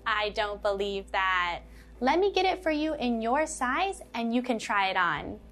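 A woman reads a friendly female shop assistant in a textbook dialogue. She sounds encouraging and helpful, and her voice sits a little high. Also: very animated, unhurried. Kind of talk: scripted textbook dialogue reading.

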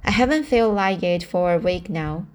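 A woman reading aloud and voicing a small, earnest, mischievous boy who pleads and confesses in a hurried way. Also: lowish voice, expressive, a little mellow, slight background noise, natural voice.

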